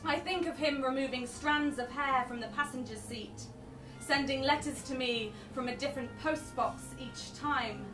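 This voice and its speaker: A woman's voice: high voice, normal speed, music in the background. A young woman performing spoken word poetry live, with wry, self-deprecating chatter between poems. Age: young adult. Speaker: poet. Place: live event venue. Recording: echoey room, distant mic, venue noise.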